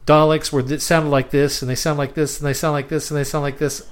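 A man talking in a relaxed, chatty way on a podcast, his voice sitting a touch higher than most men's. He laughs easily and often breaks off mid-sentence to start again. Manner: chatty, quick to laugh, trails off and restarts. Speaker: podcast co-host. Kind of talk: casual chat.

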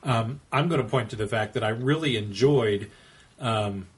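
A man's voice: mid-range voice, moderate pace, slightly rough. A man co-hosting a casual chat, hesitant and trailing off, with many fillers. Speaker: podcast co-host.

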